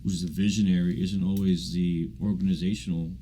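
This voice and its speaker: A man's voice: sits low, level tone, brisk, dark tone, slight background noise. A man appearing as a tech sales guest on a talk show, speaking casually and in a laid-back, slangy way. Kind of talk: casual conversational interview.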